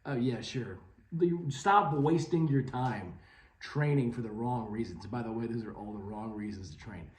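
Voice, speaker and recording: Rambling deadpan man in echoey basement. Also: mid-range voice, moderate pace. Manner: rambling, deadpan, tangent-prone. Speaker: comedy video host. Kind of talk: mock-serious comedic monologue. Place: home basement.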